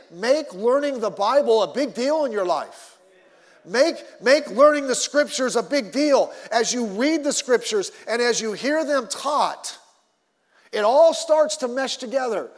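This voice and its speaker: A male pastor preaching a sermon in an animated way, repeating himself and swinging between loud and soft. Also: extremely high pitch, in a large hall.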